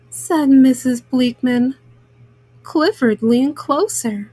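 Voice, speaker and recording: A woman reading a children's picture book aloud, gentle and unhurried. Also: high-pitched, lively intonation. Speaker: children's story reader.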